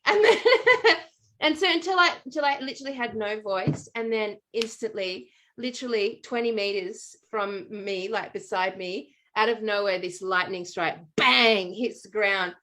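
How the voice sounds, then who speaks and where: A woman telling a long personal story in casual chat, animated and full of "like" and "um". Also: mid-range voice, moderate pace, hardly any pauses. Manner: animated storytelling with many fillers. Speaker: podcast co-host.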